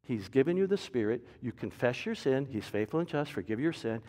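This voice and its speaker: A man preaching a sermon as pastor, with a dynamic delivery that swings from loud emphasis to soft, low asides. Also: sing-song, brisk. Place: church sanctuary. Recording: reverberant church hall.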